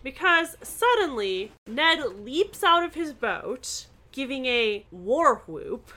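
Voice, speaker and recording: Animated, bright-voiced woman recapping a book. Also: high-pitched, slow. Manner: animated, laughing, exasperated asides. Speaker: podcast co-host recapping a book. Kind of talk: casual comedic book recap, reading passages aloud.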